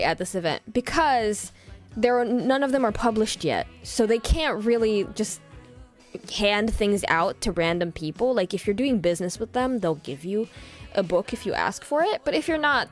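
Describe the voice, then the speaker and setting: A woman in her twenties tells a story casually on a livestream, chatty and animated. When she acts out quoted lines, her pitch jumps dramatically.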